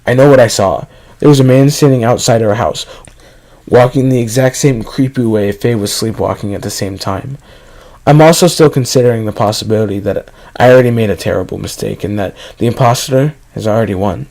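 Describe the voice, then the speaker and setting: A man narrating a first-person horror story at a steady reading pace. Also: mid-range voice, brisk, low-quality recording.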